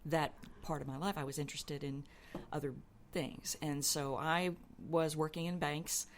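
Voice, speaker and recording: A woman in her sixties, a radio show guest telling animated stories about her career and acting out the people she quotes. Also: low voice, moderate pace, slight background noise. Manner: animated storyteller, acts out quoted voices, laughs easily. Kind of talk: casual storytelling interview.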